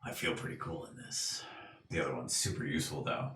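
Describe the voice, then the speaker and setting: A man playing a tabletop game, joking in character and swinging between loud outbursts and mumbles. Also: very deep voice, brisk, vocal fry, slight background noise. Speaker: player. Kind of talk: in-character tabletop role-play. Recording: echoey room, mic at a distance.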